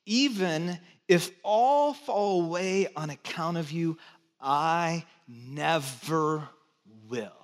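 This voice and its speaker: A man's voice: on the high side, very slow. A man voicing the apostle Peter, a bold grown man making earnest, emphatic vows. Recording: long church hall reverb.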